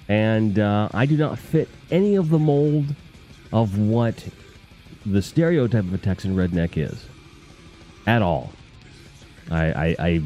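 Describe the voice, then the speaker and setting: A man from the Northeast US, with a lowish, warm voice, hosts a casual live stream. He reads out chat comments in a rambling, jokey, profane way.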